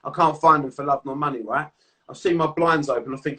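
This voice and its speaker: A man's voice: a little high, a little fast, pushed and bright, recorded from a distance. A man in a casual chat, telling stories in a sweary, easygoing way. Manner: storytelling, sweary, laughs easily. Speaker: podcast host.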